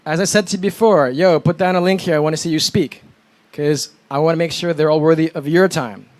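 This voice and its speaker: A man from New York, an event emcee introducing the next speaker on stage with animated storytelling. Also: fairly high pitch, fairly quick. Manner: animated storytelling, mimics phone calls.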